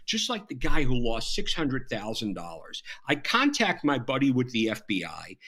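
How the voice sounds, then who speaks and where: A man's voice: mid-range voice, wildly swooping pitch, normal speed, bright, forceful tone. A middle-aged man with a Southern American accent, speaking as a guest on a video call about his years in law enforcement, emphatic and sarcastic. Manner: emphatic, storytelling, self-deprecating and sarcastic. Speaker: guest, former FBI agent turned cybersecurity speaker. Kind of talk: animated interview conversation.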